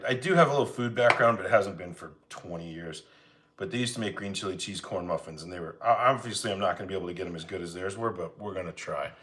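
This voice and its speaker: Laid-back man chatting while cooking live. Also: on the low side. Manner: relaxed, rambling, greets chat by name. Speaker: cooking livestream host. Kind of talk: casual live cooking chat with viewers. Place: home kitchen.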